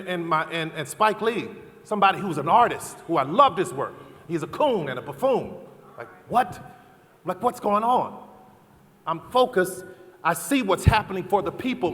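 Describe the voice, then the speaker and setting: Middle-aged man, raised pitch, preacher-like cadence, long hall reverb. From American South. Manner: preacherly, building to loud emphatic repetitions. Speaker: keynote speaker. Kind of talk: motivational convention speech. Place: large convention hall.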